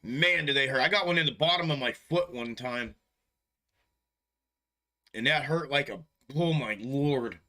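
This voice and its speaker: A man's voice: mid-range voice, measured pace, pauses often, bright, forceful tone. A man hosting a stock market livestream in casual chat, laid-back and profane, often chuckling and calling viewers bro. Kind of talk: casual live-stream chat.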